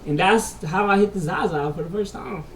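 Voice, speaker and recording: A vlogger telling a story in slangy casual chat, saying "bro" a lot, moving between mumbled asides and loud excited bursts. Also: mid-range voice, normal speed, far from the mic. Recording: echoey room, voice from off the mic, faint hiss.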